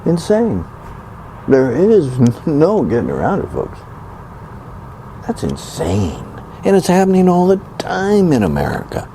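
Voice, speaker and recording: A man rants in a loose, conversational monologue, sarcastic and indignant as he mocks the other side with gasps and sighs. His voice leaps up and down through a lively range, with a mellow, darker tone. He hammers points home by repeating short phrases. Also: a little high, measured pace, slight background noise. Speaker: commentator. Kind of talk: political opinion rant monologue.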